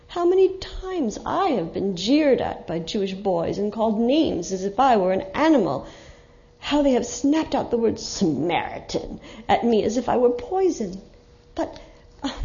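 A woman's voice: mid-range voice, warm tone. A woman voicing a kind, compassionate male traveler who earnestly thinks aloud, on a muffled lo-fi recording.

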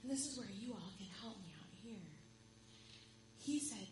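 A woman telling a story as a children's sermon in a church service, expressive and building excitement. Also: medium pitch, brisk. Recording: echoey room with steady hum.

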